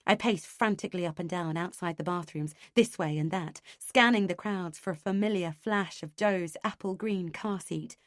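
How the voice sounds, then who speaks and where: A woman reading a first-person thriller audiobook in a tense, measured way. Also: lowish voice, no room sound, studio quality. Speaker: audiobook narrator.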